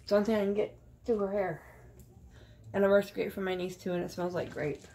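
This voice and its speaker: Middle-aged woman host, gravelly voice, blunt and profane, casual unboxing chat. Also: medium pitch, steady tone, quick pace, warm tone, a little hiss or hum. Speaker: beauty vlogger.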